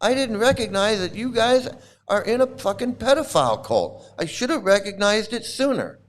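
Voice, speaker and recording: A man's voice: high-pitched, very animated, moderate pace. A middle-aged man delivering a furious, repetitive monologue to camera, swearing and bitter. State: angry, voice breaking at times. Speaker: channel host, cult critic.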